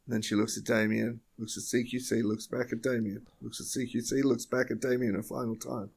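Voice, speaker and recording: A wry man narrates an improvised story on a comedy podcast, his jokes landing deadpan. His voice is mid-pitched with a gravelly, fry-laced texture. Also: fairly quick. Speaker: podcast co-host.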